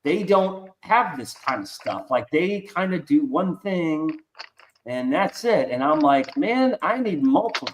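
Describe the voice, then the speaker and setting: A man's voice: mid-range voice, slight background noise. A man hosting a casual drawing stream, rambling enthusiastically and cursing freely. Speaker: artist and stream host. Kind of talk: casual chat. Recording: roomy echo.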